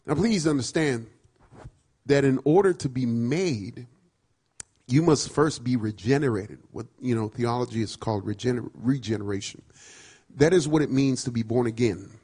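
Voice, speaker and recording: A man preaching a sermon, emphatic and repetitive, swinging from loud declarations to quiet asides. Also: mid-range voice, moderate pace, slightly rough. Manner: emphatic, repeats phrases, swings between loud and soft.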